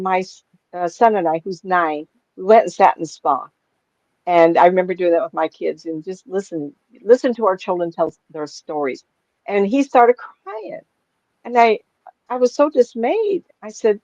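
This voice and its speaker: Woman, middle-aged, animated storyteller, quotes people in their voices, dry dull recording. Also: mid-range voice, moderate pace, dry recording. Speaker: psychic medium guest. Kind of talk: casual storytelling chat. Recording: dull lo-fi sound.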